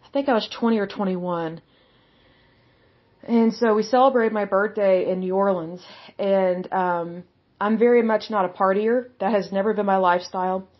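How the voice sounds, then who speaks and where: A woman's voice: mid-range voice, steady tone, normal speed, dull audio. Blunt, outspoken woman teaching the Bible.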